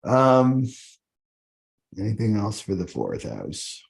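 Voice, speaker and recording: A man's voice: fairly low pitch, wildly swooping pitch, takes it slowly, creaky, husky. A man teaching astrology off the cuff, rambling and often asking "right?" as he goes.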